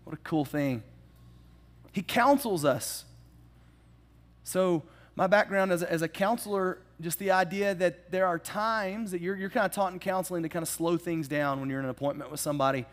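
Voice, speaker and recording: Male pastor, sermon, casual storytelling, slightly high voice, humorous asides. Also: normal speed.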